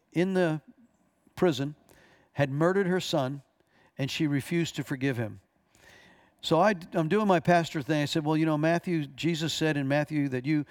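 Earnest pastor, slightly high voice. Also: male voice, no room sound, clean studio sound. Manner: earnest storytelling with restarts. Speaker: pastor teaching a class. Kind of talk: teaching a church class with stories.

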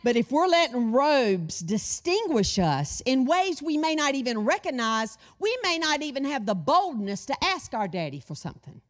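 A woman's voice: high-pitched, sing-song, normal speed, few pauses. A middle-aged woman teaching a sermon, addressing the congregation with questions and call-and-response. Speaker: women's Bible study teacher.

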